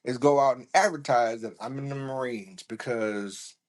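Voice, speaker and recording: A man hosting a podcast, telling a story in an animated, profane way and laughing along as he goes. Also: medium pitch, moderate pace. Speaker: podcast host. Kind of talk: casual storytelling.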